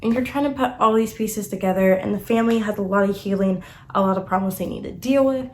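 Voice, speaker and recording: A young woman casually reviewing books, emotional and animated, full of fillers like "like" and "you know.". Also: fairly high pitch, a little fast. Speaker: book reviewer. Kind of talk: casual book review chat.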